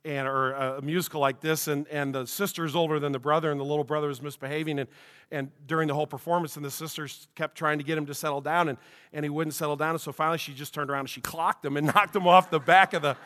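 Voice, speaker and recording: A man's voice: on the high side, steady tone, fast talker, fairly bright tone. A middle-aged man, a pastor, preaching a sermon and telling a personal story in a conversational way with frequent restarts, in a church sanctuary. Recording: long reverb of a church hall.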